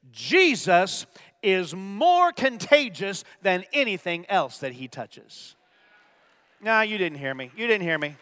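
A man preaching a sermon, swinging from loud, emphatic bursts to hushed, near-whispered lines. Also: sits high, clean tone, big-room sound. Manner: acts out gasps for effect. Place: church.

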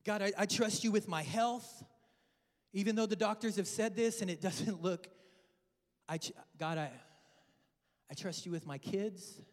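A male pastor preaching an emotional sermon, pleading and swinging between loud cries and hushed whispers. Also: sits high, measured pace, long pauses. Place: large church hall. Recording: long church-hall reverb with faint music. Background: soft worship music.

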